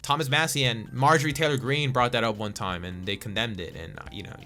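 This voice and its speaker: A young male vlogger rants about politics in a loose, profane way, stammering and restarting as he goes. His voice is bright and forceful, and faint music plays underneath. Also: medium pitch, fast. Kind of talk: casual political rant.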